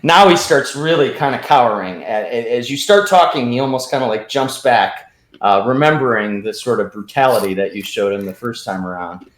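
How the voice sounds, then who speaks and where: A man's voice: medium pitch, lively intonation, moderate pace. Man, game master narration, meandering, roomy echo. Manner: rambling, hesitant with fillers.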